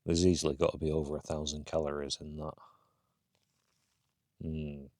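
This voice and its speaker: A man's voice: very deep voice, little pitch movement, normal speed, dark tone, no echo, clean studio sound. A man, talking casually to camera while wild camping on a hill, chatty and rambling with lots of fillers. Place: outdoors on a hill, later inside a tent.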